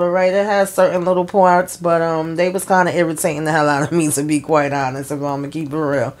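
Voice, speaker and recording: A woman's voice: lowish voice, fairly even intonation, moderate pace, a little mellow. A woman hosting her own channel, chatting frankly as she recaps a TV episode and gives her opinion, retelling scenes with quoted lines. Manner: drawling informal speech, many fillers. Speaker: TV episode reviewer, channel host.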